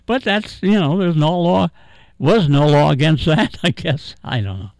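Older man, radio host, gravelly, dry sound, rambling, chuckles a lot. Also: a little high, lively intonation, unhurried, a little mellow, no room sound, poor audio. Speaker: radio talk show host. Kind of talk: casual local radio chat.

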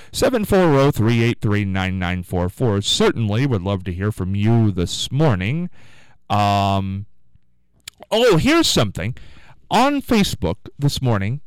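A man hosting a morning call-in radio show, telling rambling stories in a chatty, animated way. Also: fairly low pitch, clear, resonant tone, no echo, poor audio. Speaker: radio talk show host. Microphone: studio microphone.

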